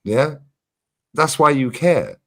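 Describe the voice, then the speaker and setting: A man hosting a casual livestream chat, animated and emphatic, swearing freely and repeating his points. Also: a little high, slow pace, creaky. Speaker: streamer host.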